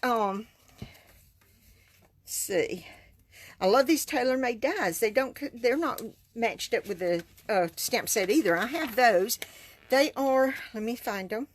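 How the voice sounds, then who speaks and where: A woman's voice: on the high side, lively intonation, slow, a little hiss or hum. A woman, chatting through a live card-making demonstration, enthusiastic and laughing often. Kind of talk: casual live stream demonstration.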